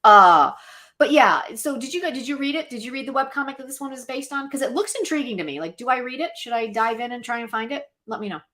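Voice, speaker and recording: Woman, casual livestream chat, chatty, animated, bright tone, slightly high voice. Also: quick pace. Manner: chatty, animated, talks to viewers directly. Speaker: podcast co-host.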